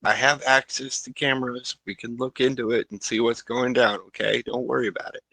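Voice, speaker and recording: Bright-voiced man, reassuring in role-play. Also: mid-range voice, little pitch movement, a little fast, vocal fry, dry recording, poor audio. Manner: reassuring, keeps asking "okay?". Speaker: player. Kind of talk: in-character role-play in a tabletop game.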